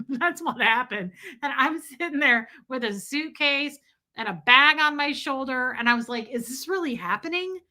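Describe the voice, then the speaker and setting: A woman's voice: sits high, a little slow. A woman hosting a casual livestream, ranting and telling stories with lots of swearing and talking straight to her chat. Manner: animated, profane storytelling; talks to chat directly. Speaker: livestream host.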